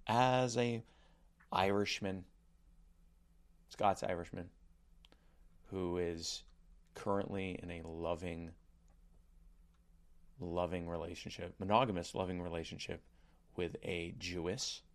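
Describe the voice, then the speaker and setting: A man's voice: deep voice, steady tone, slow, long pauses. A man doing a pompous mock co-host. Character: self-important adult man, a mock version of the co-host.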